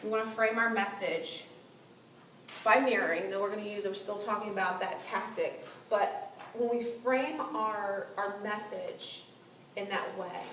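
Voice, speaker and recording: A young adult woman giving a casual seminar talk to a team about client relations, conversational and animated. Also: mid-range voice. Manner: conversational, animated, acts out quoted lines. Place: meeting room with an audience. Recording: roomy room sound, distant mic, faint noise.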